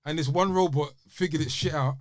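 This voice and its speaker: A young man, co-hosting a casual podcast. He talks fast and insistently and keeps repeating his words. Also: fairly high pitch. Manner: rapid, repeats himself, insistent. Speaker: podcast co-host. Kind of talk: casual chat.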